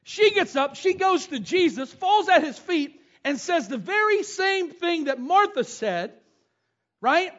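High-voiced man preaching a sermon. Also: sing-song, unhurried, fairly bright tone. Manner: storytelling, reads scripture aloud and retells it. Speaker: pastor. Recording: dull lo-fi sound.

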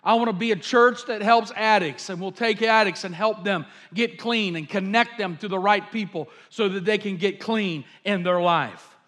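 A man's voice: high voice, moderate pace, few pauses, fairly bright tone. A male pastor, preaching a sermon, telling a story and building to repeated fervent appeals. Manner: fervent, repetitive preaching with fillers.

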